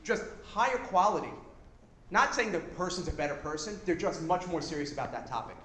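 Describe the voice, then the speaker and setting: A man giving a live workshop talk to an audience, casual, energetic and blunt, now and then swearing. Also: high voice, fairly quick. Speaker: seminar presenter. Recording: echoey room with background noise.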